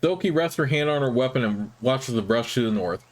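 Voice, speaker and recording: A man hosting a let's play, reading the game's narration aloud in a measured, even way. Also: mid-range voice. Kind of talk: reading game text aloud.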